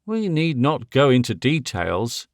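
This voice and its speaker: A man's voice: mid-range voice, very animated, unhurried, no room sound, clean studio sound. A man voicing a proud, icy young woman in an audiobook, cold and clipped, cutting with sarcasm. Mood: icy, sarcastic. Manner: cold, clipped, imperious questioning. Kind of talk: audiobook character voice.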